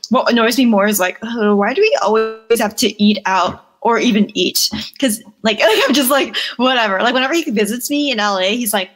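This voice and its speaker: A young woman with a somewhat high voice, speaking as a podcast guest. She tells stories in an animated way, laughs often, and acts out the voices of family members in a casual chat. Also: a little fast, hardly any pauses.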